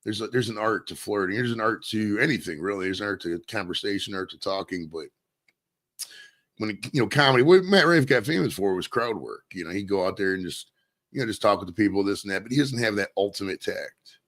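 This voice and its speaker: This lowish-voiced Maine streamer sounds animated and brisk, with a fairly bright tone. Hosting solo, he wanders from topic to topic, casual and profane.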